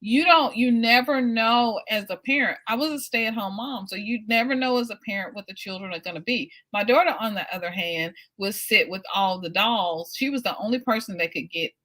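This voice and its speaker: Bright-voiced chatty woman host. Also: on the high side, a little fast, few pauses. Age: middle-aged. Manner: chatty, rambling anecdotes with fillers. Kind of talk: casual interview.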